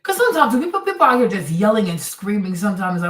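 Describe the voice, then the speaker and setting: Animated woman host, distant and roomy. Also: medium pitch, fast, hardly any pauses. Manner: animated, exclamatory, blunt. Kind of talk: livestream commentary reacting to clips.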